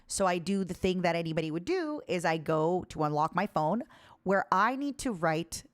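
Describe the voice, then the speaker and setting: A woman streaming from an indoor room, chatting casually with her viewers in a bouncy way, her pitch jumping up as she reads their messages. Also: animated, normal speed, no echo. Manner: chatty, bouncy, jumps in pitch when reading chat. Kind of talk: casual livestream chat.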